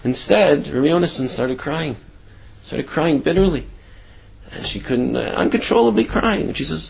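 A man's voice: a little high, animated, moderate pace, creaky, breathy edge. A man telling a religious story in a talk, loose and conversational with many restarts.

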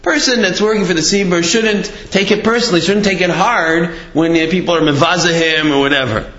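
A man with a fairly high voice teaches a Torah class, talking loosely and telling stories with many fillers. The sound is roomy with lots of echo. It is also dull and muffled. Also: steady tone, a little fast, a bit bright. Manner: conversational, storytelling, many fillers.

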